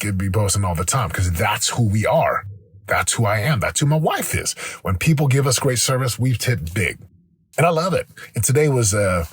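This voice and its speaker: A man's voice: medium pitch, breathy edge, no echo. A man hosting a motivational podcast, telling a personal story in an earnest, rambling way with many restarts. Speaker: podcast host.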